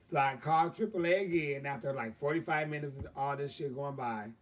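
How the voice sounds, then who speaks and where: A man's voice: medium pitch, brisk, recorded from a distance. A man telling a long story on his own live stream, casual and profane, with lots of fillers. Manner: profane, drawling, chatty with many fillers. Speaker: livestream host.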